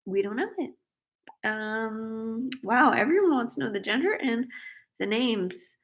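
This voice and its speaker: A pregnant woman with a slightly high voice hosts a casual livestream Q&A. She is chatty and quick to giggle. She reads viewer questions aloud and answers them warmly off the cuff. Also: lively intonation. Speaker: host.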